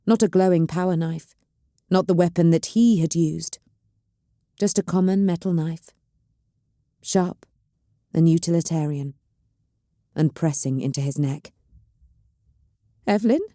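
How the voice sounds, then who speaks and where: A woman telling a science fiction audiobook as calm, measured bedtime story narration. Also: low voice, no echo, studio quality.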